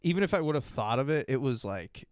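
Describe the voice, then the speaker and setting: A man's voice: mid-range voice, expressive, fast talker, no room sound, studio quality. A man hosting a podcast in casual chat, rambling and laughing often as he tells stories. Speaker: podcast host.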